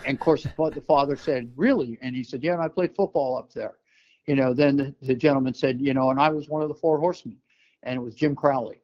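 Talking fast in a mid-range voice, an older man from New York shares a personal story as an interview guest. He's relaxed, using plenty of fillers and restarting sentences, and the recording has its highs cut off.

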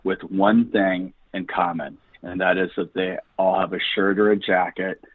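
A man's voice: low-pitched, flat delivery, normal speed, husky, no room sound. A man guest on a radio interview, talking earnestly and encouragingly like a preacher. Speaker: guest, ministry founder. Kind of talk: enthusiastic radio interview talk. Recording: dry phone-line audio.

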